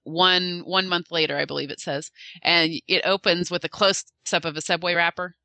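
Woman, lowish pitch, bright forceful tone, lively fan recounting an event, dry sound. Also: moderate pace, dry recording. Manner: animated, acts out quotes with shifting voices. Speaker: fan recounting a convention panel. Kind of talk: casual storytelling chat.

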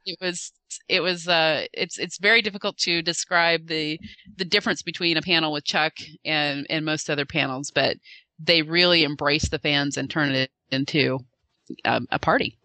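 Woman telling a story, bright tense voice, acts out the quotes, dry room. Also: sits low, steady tone, moderate pace, dry recording. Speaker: fan recounting a convention panel. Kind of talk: casual storytelling chat.

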